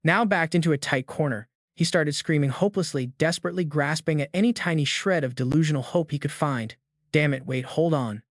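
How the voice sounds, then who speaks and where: Man, recap narrator, dramatic delivery, fairly high voice, dry sound. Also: fairly quick, few pauses, no echo. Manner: dramatic, emphatic storytelling.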